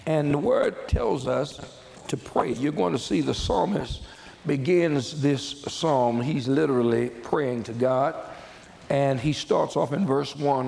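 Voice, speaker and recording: Gravelly-voiced male pastor preaching. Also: mid-range voice, slow pace, darkish tone, a little hiss or hum, low-quality recording. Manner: conversational preaching with repetitions and asides. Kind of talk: sermon.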